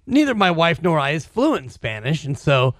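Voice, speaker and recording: A man's voice: on the high side, big pitch swings, moderate pace, no room sound, studio quality. A man co-hosting a podcast, easygoing in casual chat and laughing along. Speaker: podcast co-host.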